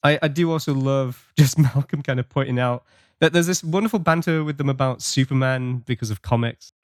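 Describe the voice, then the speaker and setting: A man's voice: mid-range voice, a little fast, no room sound, clean studio sound. A man co-hosting a podcast in casual chat, enthusiastic and breaking into small laughs as he recaps. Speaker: podcast co-host.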